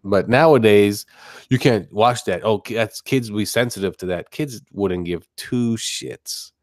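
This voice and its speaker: A man's voice: lowish voice, a little slow, no room sound, clean studio sound. Rambling man ranting on a live stream. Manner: rambling, ranting, with a sarcastic punchline delivery. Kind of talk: casual live-stream chat.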